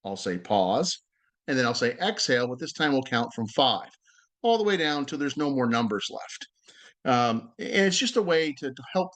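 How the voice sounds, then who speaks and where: A man's voice: mid-range voice, big pitch swings, normal speed, a bit bright. Friendly man leading a breathing exercise. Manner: friendly, loose, with many fillers and restarts. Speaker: yoga teacher and presenter. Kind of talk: casual presentation with guided breathing. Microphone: video call.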